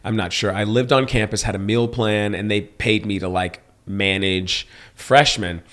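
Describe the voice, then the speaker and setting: A young man from Texas, co-hosting a podcast, telling personal stories in a lively, joking way. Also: moderate pace. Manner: animated storyteller, swings into high mocking voices for quotes. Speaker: podcast co-host. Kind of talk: casual chat.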